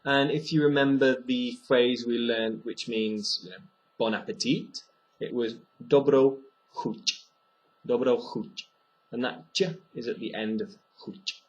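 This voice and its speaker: A man teaching pronunciation to beginners. He speaks slowly and clearly and says each sound more than once. His voice sits in a middle pitch. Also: steady tone, low-quality recording. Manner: slow and clear, repeating sounds for the learner. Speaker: language teacher. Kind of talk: pronunciation lesson.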